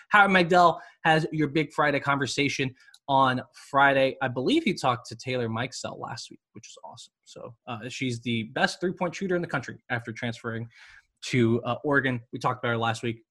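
A man's voice: mid-range voice, pushed and bright. A man hosting a women's basketball podcast, reading ads and chatting casually with jokes and rambling asides. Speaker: podcast host. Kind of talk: casual sports podcast talk and ad reads.

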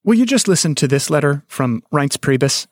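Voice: mid-range voice, lively intonation, brisk, no echo, clean studio sound, lightly acted. A performer playing an earnest political aide who pleads with his boss in a comedy sketch. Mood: pleading. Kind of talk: sketch acting.

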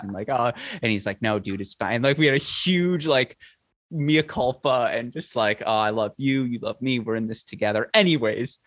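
A man hosts a late-night podcast in loose, animated chat, laughing as he tells stories. His voice sits mid-pitch and is recorded close and dry over a remote call. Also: moderate pace, no room sound. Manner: animated storytelling, laughs often. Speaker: podcast host.

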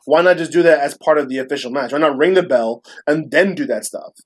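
A man's voice: a little high, quick pace. A man in casual chat who asks earnest questions about a wrestling match. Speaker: wrestling podcast co-host.

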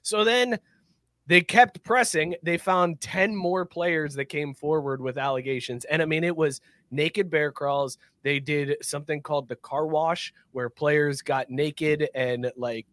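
Man, podcast host, slightly high voice, dry close mic, loose and profane sports chat. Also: unhurried, fairly bright tone, dry recording.

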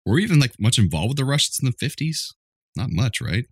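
A man's voice: medium pitch, big pitch swings, fast, breathy edge, dry recording, studio quality. A man co-hosting a podcast, chatting loosely and laughing often as he reads out a report and riffs on it. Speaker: podcast co-host. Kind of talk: casual chat.

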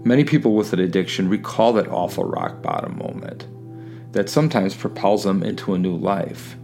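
A man hosting and narrating a scripted introduction in a measured way, citing study statistics. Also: deep voice, wildly swooping pitch, vocal fry, darkish tone, faint music behind. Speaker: host.

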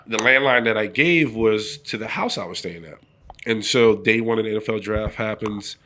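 A middle-aged man with a fairly low voice tells a long story in a relaxed interview. He acts out the people in it, pushing his voice up into their lines. He talks the easy, unscripted way of a former pro athlete being interviewed. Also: moderate pace, a little hiss or hum. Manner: animated storyteller acting out quoted voices. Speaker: former pro football player, guest.

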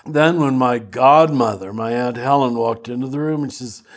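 Slow-speaking older man. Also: mid-range voice. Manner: slow, storytelling, self-deprecating. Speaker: priest and teacher. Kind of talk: reflective podcast conversation.

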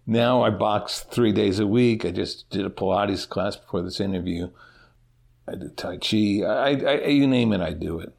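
A middle-aged man answers interview questions in a low voice with a gravelly, husky grain. He talks haltingly, restarting and repeating words as he goes, and the tone stays conversational. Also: a little mellow. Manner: halting, repeats words, self-deprecating laughs. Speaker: interview guest, teacher living with Parkinson's.

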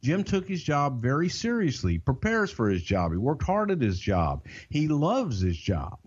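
A man's voice: medium pitch, huge pitch swings, slightly rough. Southern man, co-host, drawling and emphatic, swears freely; slightly muffled podcast mic. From Southern United States. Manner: drawn-out, emphatic, salty storyteller. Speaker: podcast co-host and wrestling insider. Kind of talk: casual storytelling. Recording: dull lo-fi podcast audio.

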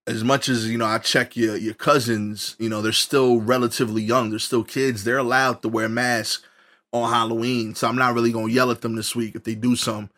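A man's voice: medium pitch, level tone, brisk, a bit bright, lightly acted. A man quoting his blunt, no-nonsense father in a curt, matter-of-fact tone. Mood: dismissive.

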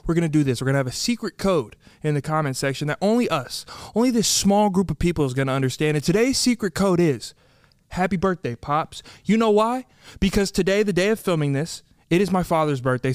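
A man's voice: fairly high pitch, expressive, fast, smooth, no room sound, clean studio sound. A young man hosting a podcast, telling a story animatedly and acting out other people's lines. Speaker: podcast host.

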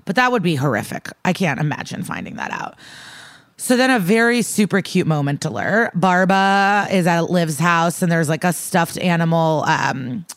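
A woman's voice: fairly low pitch, lively intonation, normal speed, dry recording, studio quality. A woman co-hosting a podcast, recapping a TV episode in casual chat, peppered with "like" and swearing. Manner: chatty, profane, lots of "like" and "um". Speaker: podcast co-host.

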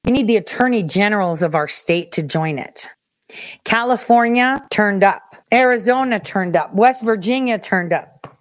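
A woman's voice: medium pitch, animated, normal speed, no echo, poor audio. A woman hosting a livestream, chatting casually and talking straight to her viewers. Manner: chatty, addresses viewers directly. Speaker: host.

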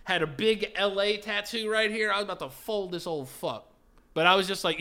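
A man hosting a podcast, casually telling a profane, animated story and laughing at his own telling. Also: high-pitched, fairly quick. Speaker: podcast host.

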